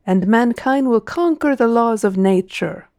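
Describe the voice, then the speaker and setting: A woman voicing a theatrical male scientist-showman with an Italian accent, speaking slowly and grandly. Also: fairly high pitch, expressive, a little mellow, no room sound, clean studio sound, voice pushed up. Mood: grandiose. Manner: grandiose, slow, dramatic.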